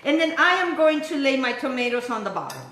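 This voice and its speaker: A woman's voice: high-pitched, very animated, quick pace, bright, forceful tone, roomy sound. An Italian-accented woman hosting a home cooking show, chatty and playful, talking to viewers as she cooks. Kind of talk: casual cooking demonstration. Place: home kitchen.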